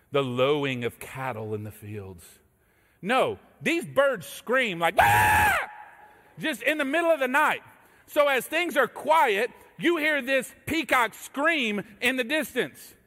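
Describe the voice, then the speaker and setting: A high-voiced male pastor delivers a sermon with lively, swooping pitch. He tells stories in an animated way and acts out the voices in them. His voice carries a long echo, as if he is in a large church sanctuary. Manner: animated storytelling, acting out voices. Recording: echoey hall reverb.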